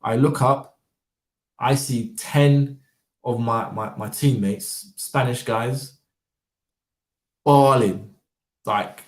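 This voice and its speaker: A man's voice: mid-range voice, extremely slow, pauses often, recorded from a distance. Rambling man in a roomy space. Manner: rambling, frequent fillers and repeated words. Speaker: vlogger. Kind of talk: casual monologue. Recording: roomy, voice off-mic.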